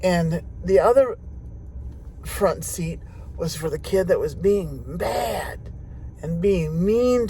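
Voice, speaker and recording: A woman's voice: medium pitch, warm tone, a little hiss or hum. An older woman telling a personal story in a folksy, chatty way, speaking directly to her viewers from inside a car.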